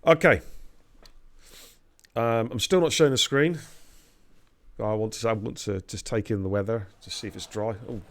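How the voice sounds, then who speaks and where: A man's voice: fairly low pitch, normal speed, long pauses. A man hosting a racing league live stream, bantering and teasing the drivers in casual commentary. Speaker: race league host.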